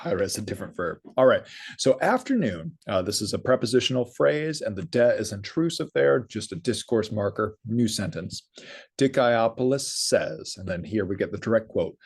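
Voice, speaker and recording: A middle-aged man giving a recorded Greek lesson, reading the text slowly and then explaining it briskly. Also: lowish voice, animated, gravelly, breathy edge. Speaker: Greek instructor.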